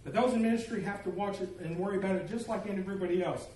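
High-voiced pastor in an echoey room. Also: male voice, racing. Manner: storytelling, humorous, animated. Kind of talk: sermon. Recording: echoey room, distant mic, faint noise.

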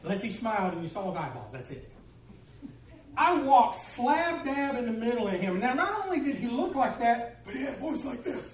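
A man's voice: extremely high pitch, big pitch swings, moderate pace. A man preaching a sermon as pastor, telling stories with humor and animation. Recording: echoey room, distant mic, faint noise.

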